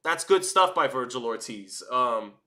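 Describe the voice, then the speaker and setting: A man calling a boxing fight live, chatty and energetic, hosting a watch-party stream and often restarting his phrases. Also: medium pitch, unhurried. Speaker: boxing commentator and stream host. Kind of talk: live round-by-round fight commentary.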